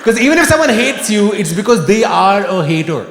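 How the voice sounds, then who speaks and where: A man doing a stand-up comedy set on stage, wry and animated, sometimes bursting into shouting. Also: high-pitched, fairly quick, vocal fry, crowd noise, noisy background. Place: live comedy venue with audience laughter. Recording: echoey live room with long reverb. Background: audience laughter and room ambience.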